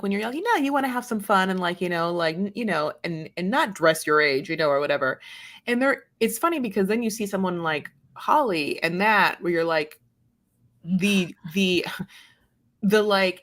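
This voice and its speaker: A woman co-host with a bright, forceful voice chats casually about a reality show. She rambles through many fillers and now and then slips into silly put-on voices. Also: medium pitch. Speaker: podcast co-host. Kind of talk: casual recap chat.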